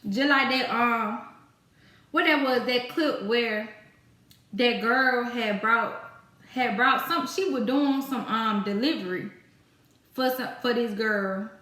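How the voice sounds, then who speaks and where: Brief: female vlogger, exasperated storyteller, bright tense tone, roomy echo. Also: a little high, takes it slowly. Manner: exasperated, ranting about customers. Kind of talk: casual storytelling. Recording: echoey room.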